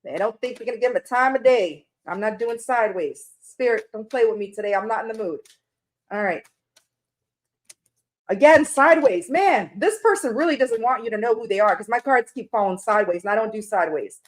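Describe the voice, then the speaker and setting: A woman's voice: a little high, animated, a little fast. A woman reading tarot on a casual live stream, chatty and rambling, greeting viewers by name and laughing at her own slips.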